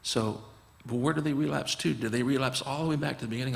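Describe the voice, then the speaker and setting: A man's voice: mid-range voice, quick pace, creaky, big-room sound. A man, a physician guest, talking earnestly and explaining his approach, often acting out conversations with patients. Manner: earnest, acts out dialogues with patients.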